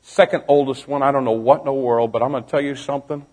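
A man preaching a storytelling sermon to young people, swinging from shouting to hushed near-whispers and firing direct questions at the listeners. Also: mid-range voice, steady tone, quick pace. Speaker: preacher, youth pastor.

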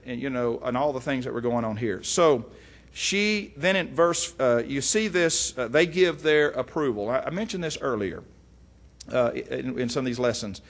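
A middle-aged man, teaching from the Bible in a folksy, animated way with frequent asides. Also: medium pitch. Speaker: preacher.

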